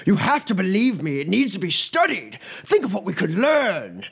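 A man voicing a burly, hot-tempered male professor who rants and shouts. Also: high-pitched, huge pitch swings, normal speed, vocal fry, breathy edge, voice pushed up, full character voice. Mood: angry ranting. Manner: shouting, ranting.

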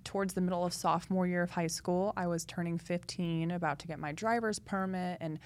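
A young woman, a podcast guest, chatting in a lively way full of fillers as she tells her story. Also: fairly low pitch, fairly quick. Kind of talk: casual interview talk.

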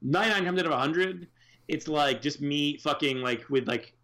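Man co-host, slightly higher voice, loose rambling talk full of fillers and cursing. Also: normal speed, fairly bright tone. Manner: rambling, profane, many fillers. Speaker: podcast co-host. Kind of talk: casual chat.

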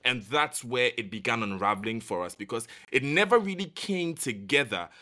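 A man's voice: mid-range voice, lively intonation, normal speed, pushed and bright. A man discussing football results as a pundit on a podcast, then reading scores in a commentator's manner.

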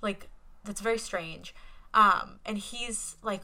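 A woman's voice: mid-range voice, measured pace, pushed and bright. A young woman co-hosting a casual movie podcast, rambling with lots of fillers and gushing about what she loved. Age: young adult. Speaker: podcast co-host.

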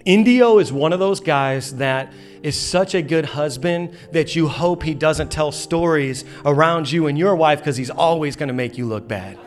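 A man's voice: on the high side, moderate pace. A man in his thirties preaching a sermon in a church auditorium, telling a funny story with lots of energy and playful acted quotes. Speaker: pastor.

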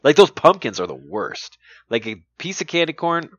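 A man's voice: fairly high pitch, big pitch swings, normal speed, fairly bright tone, no room sound. A man hosting a casual chat and asking trivia questions, rambling with lots of "like" and "you know" and laughing often. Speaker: podcast host running trivia questions. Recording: dull lo-fi dry sound.

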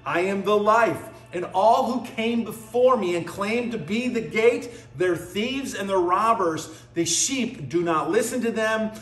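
A man with a high voice preaches a sermon, hammering his points home by repeating phrases. The voice rings in an echoey room. Faint music plays underneath. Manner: emphatic, repeating phrases for stress.

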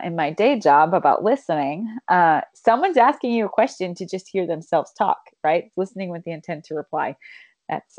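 Thoughtful woman in her 30s, kinda low voice, dry sound, swears casually while explaining stuff. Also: darkish tone, dry recording, highs cut off. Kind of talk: casual chat.

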